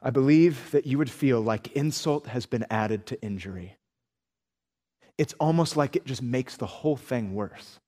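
A man preaching a sermon with earnest, animated storytelling. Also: medium pitch, normal speed, long reverb tail. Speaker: pastor.

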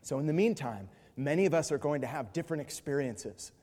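Pastor guy preaching, pretty high voice, big echoey hall, goes loud then real quiet and earnest. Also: fairly quick. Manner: animated, swings between loud mimicry and hushed earnest passages. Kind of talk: sermon. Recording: long reverb of a large hall.

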